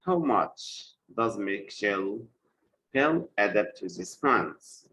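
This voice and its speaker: Slow, deliberate male teacher. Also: lowish voice, expressive, sharp tone, rough recording. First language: Arabic. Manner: repeats words slowly for students, switches between English and Arabic. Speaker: English teacher. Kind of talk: live online English lesson.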